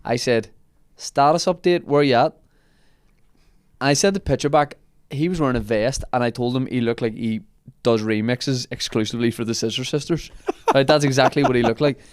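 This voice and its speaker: A man's voice: medium pitch, a little fast, hardly any pauses, no echo, clean studio sound. Man telling a story on a podcast. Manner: animated anecdote telling, laughing often. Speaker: comedy podcast host. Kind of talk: casual storytelling chat.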